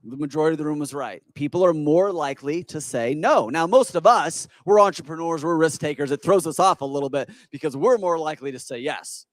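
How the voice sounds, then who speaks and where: A man giving an energetic, persuasive stage talk at a business expo, quizzing the audience with rhetorical questions. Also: a little high, brisk, hardly any pauses, no room sound. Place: conference hall with audience.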